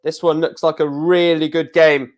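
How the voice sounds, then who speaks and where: A man hosting a casual live darts watchalong stream. He calls out each score in quick, clipped bursts and slips in relaxed, chatty asides between throws. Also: fairly high pitch. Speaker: stream host.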